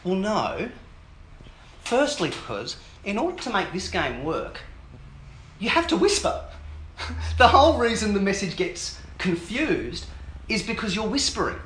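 A man preaching an Easter sermon, animated and fond of joking asides with the audience. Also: high-pitched. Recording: roomy hall with faint ambience.

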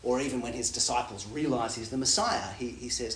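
A man giving a Bible teaching talk in a lively way, acting out quoted lines with big jumps in pitch. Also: brisk, a little hiss or hum. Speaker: preacher. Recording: echoey room.

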